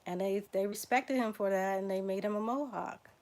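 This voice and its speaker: Speaking at a normal speed in a slightly mellow, mid-range voice, a Southern US woman runs a relaxed genealogy livestream. She reads name lists aloud, spells each name out letter by letter, and talks with her viewers.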